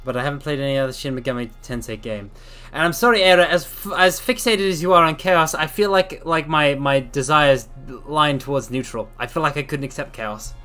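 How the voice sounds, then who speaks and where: Male streamer, higher-pitched, winded and repetitive, casual apologetic chat over soft background music. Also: brisk, few pauses. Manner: rambling, apologetic, repeats phrases. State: out of breath. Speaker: VTuber streamer.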